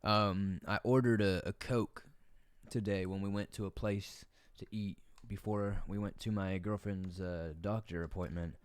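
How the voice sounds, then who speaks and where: A man's voice: fairly low pitch, steady tone, measured pace, clear, resonant tone, no room sound. A young man with a Southern American accent, streaming a football video game and rambling through casual, profane, jokey commentary at his desk mic. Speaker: gaming streamer.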